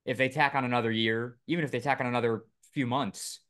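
A man's voice: medium pitch, steady tone, fast talker, a bit bright. A man co-hosting a casual podcast, reading news items aloud with lots of fillers and joking asides. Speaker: podcast co-host. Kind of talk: casual chat.

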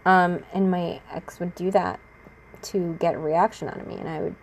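A young adult woman vlogs to the camera about her own experiences, chatty and laughing a lot as she acts out what other people said. Her voice is lowish and steady at normal speed, with slight background noise.

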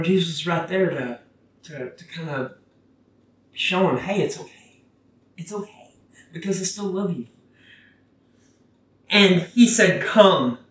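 A preacher giving a casual, conversational sermon that gets animated when quoting scripture. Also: mid-range voice. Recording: roomy, from a distance.

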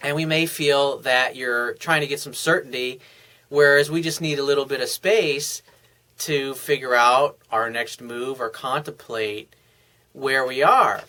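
A man's voice: mid-range voice, a little slow, bright, forceful tone. A man giving frank, blunt relationship advice in a casual, coaching monologue.

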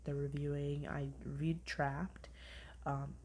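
A young woman hosts a podcast at a slow pace in a low voice, with a little hiss or hum in the recording. She chats casually about reviews in a rambling way, using lots of "like," retelling things animatedly and often dropping to a half-whisper.

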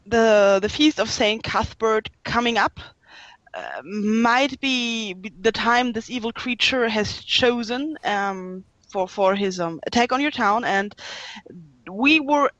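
A woman playing a character in a tabletop game, halting and full of fillers. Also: on the high side, fairly bright tone, dry recording. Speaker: player. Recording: dull lo-fi mic.

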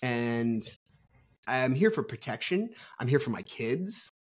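Blunt, profane man with a husky voice. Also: medium pitch, very animated, slow. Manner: blunt, profane, candid storyteller. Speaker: podcast guest. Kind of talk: casual conversational interview.

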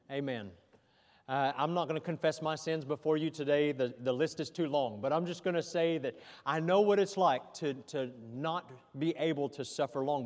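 A pastor preaching a sermon, with an emphatic style that asks the congregation to respond. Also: male voice, fairly high pitch, a little mellow, big-room sound.

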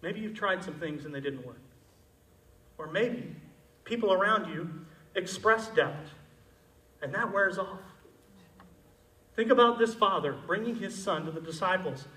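A male pastor preaching a sermon, moving between loud, emphatic passages and quiet, intimate ones. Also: high voice, expressive, a little slow, pauses often, reverberant, recorded from a distance, low-quality recording.

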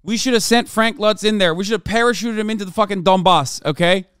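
A man's voice: high-pitched, fast talker, a bit bright, smooth, no room sound, clean studio sound. A man hosting a podcast, reading tweets aloud and mocking them in a sarcastic, profane comedic commentary. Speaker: podcast host.

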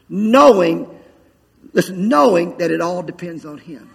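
A man's voice: high voice, lively intonation, a little slow, creaky, slightly rough, in a large hall. A man preaching a sermon as pastor, calling out to his congregation. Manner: preaching with call-outs to the congregation.

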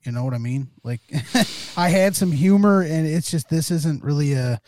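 A man's voice: a little high, normal speed, a little mellow, no room sound, clean studio sound. A man co-hosting a podcast, talking in a casual, rambling way with many restarts. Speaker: podcast co-host.

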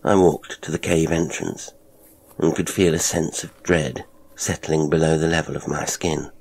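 A man narrating a horror story in a measured, low storytelling manner. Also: little pitch movement, creaky, darkish tone, slight background noise. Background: faint music.

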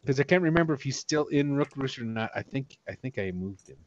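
A man's voice: medium pitch, animated, quick pace, muffled recording, a little hiss or hum. A man running a tabletop game as game master, narrating in a loose, casual way.

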